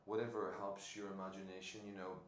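A man, an actor and podcast guest, telling casual anecdotes in an animated way, laughing often and restarting his sentences. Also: low-pitched, quick pace. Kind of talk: casual anecdotal interview chat. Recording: echoey room with faint noise.

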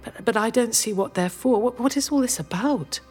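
A woman's voice: a little high, moderate pace, darkish tone, husky. A pushy, questioning woman. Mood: insistent. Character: wary, insistent woman pressing for answers. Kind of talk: audio drama acting. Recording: distant, over faint music.

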